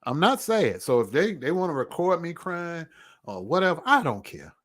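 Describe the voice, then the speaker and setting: Speaking at normal speed in a slightly high, very animated voice, this man vlogs his personal testimony. The storytelling is earnest, reflective, and casual, with moments where he drops almost to a hush.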